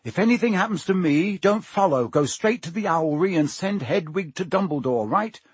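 A man's voice: high voice, lively intonation, moderate pace, breathy edge, no echo, pitched above the performer's own voice. A man voicing a brave, level-headed young schoolboy wizard in a storybook reading. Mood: tense.

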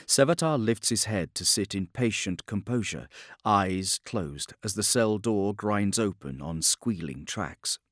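A male audiobook narrator with a low voice and a slow, measured delivery. His narration is grave and even. The recording is dry and close. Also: no room sound.

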